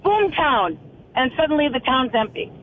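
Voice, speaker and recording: A man's voice: very high-pitched, sing-song, normal speed. A male caller on a radio show voicing his worry, asking question after question. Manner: worried, questioning. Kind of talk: call-in radio talk. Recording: tinny phone line with faint noise.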